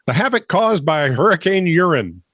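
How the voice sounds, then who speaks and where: Male co-host, deadpan banter, lively pitch, dry close mic. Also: normal speed, no room sound. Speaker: podcast co-host. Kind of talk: casual comedic news chat.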